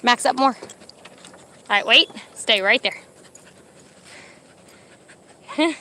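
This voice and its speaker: At an outdoor dog park, a young pregnant vlogger chats casually with her live stream and directs her service dogs, a little breathless in the heat. Her voice sits a little high with lively intonation, and she speaks slowly in a bright, forceful tone.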